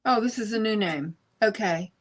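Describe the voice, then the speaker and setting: A woman's voice: mid-range voice, moderate pace. A woman co-hosting a live stream, chatting casually, mostly giving short replies and asking questions. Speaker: co-host.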